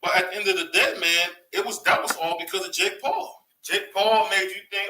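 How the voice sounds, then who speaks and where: Excitable man ranting in an echoey room. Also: sits high, normal speed, far from the mic, a little hiss or hum. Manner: excitable, rants with rhetorical questions. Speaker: boxing commentary host. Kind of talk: casual opinion commentary.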